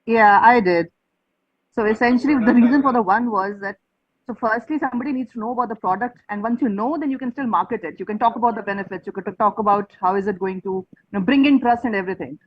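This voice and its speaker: A woman student answering in class, speaking quickly and directly. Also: a little high, dull audio.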